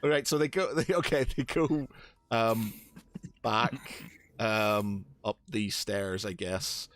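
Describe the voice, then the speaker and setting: A man's voice: fairly low pitch, steady tone, slow, a crowd in the background. A man running a tabletop game as game master, hesitant, with many fillers, restarts and laughs.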